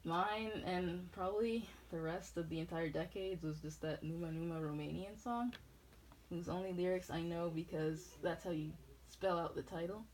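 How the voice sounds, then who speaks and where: A woman's voice: fairly low pitch, normal speed, darkish tone, slight background noise, rough recording. A woman from New England rambling through tangents in a casual chat. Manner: rambling, jumps between tangents.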